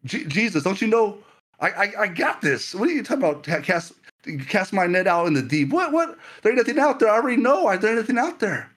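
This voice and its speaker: A man's voice: sits high, very animated, fast, fairly bright tone, pitched above the performer's own voice, exaggerated voice. A man acting out a proud, boastful fisherman who scoffs in disbelief with a raised voice. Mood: scoffing. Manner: incredulous, mocking, raised voice.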